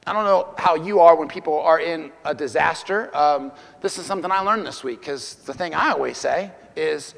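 A man's voice: fairly high pitch, quick pace, gravelly, hardly any pauses, big-room sound. A man preaching a sermon as pastor, talking conversationally and putting questions to his congregation.

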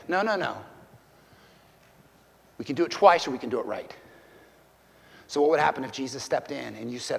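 A man's voice: medium pitch, expressive, moderate pace, creaky, long pauses, slightly rough, in a large hall. A man preaching a sermon as pastor, talking conversationally and putting questions to his congregation.

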